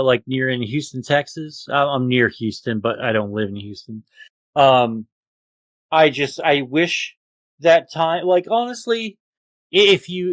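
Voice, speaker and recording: A man co-hosting a casual podcast, ranting with lots of swearing and loud outbursts. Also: fairly high pitch, no room sound. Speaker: podcast co-host.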